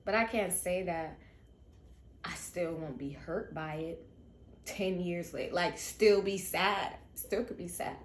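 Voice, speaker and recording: A young woman talks straight to her viewers in a candid vlog about raising her late sister's children, emotional and confiding. Her lowish voice is slow, and the room echoes.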